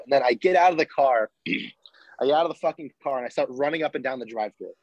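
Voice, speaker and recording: Excited young man telling a story. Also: mid-range voice, fast, no room sound, muffled recording. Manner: animated, swears freely, many restarts and "like"s. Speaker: podcast guest, former college football walk-on. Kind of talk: casual interview storytelling.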